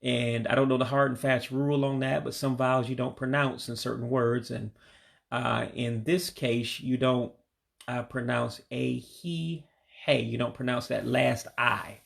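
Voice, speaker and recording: A man giving a home-made vocabulary lesson, patiently repeating each word slowly for practice. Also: mid-range voice, flat delivery, creaky, fairly bright tone. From United States. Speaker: language learner teaching vocabulary.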